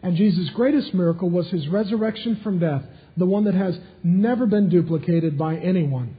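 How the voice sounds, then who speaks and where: A man preaching with a high, lifted voice, hammering his points home through repetition. The sound is dull and slightly muffled, as if from a modest recording. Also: moderate pace. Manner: emphatic, repeating key phrases for stress. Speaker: pastor. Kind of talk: sermon.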